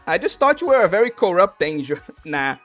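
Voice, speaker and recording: A game streamer talks into a desk mic in a loose, rambling way, full of restarts and casual swearing. The pitch sits at a middle height. Faint game music plays underneath. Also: sing-song, fairly quick, fairly bright tone. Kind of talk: casual live-stream commentary.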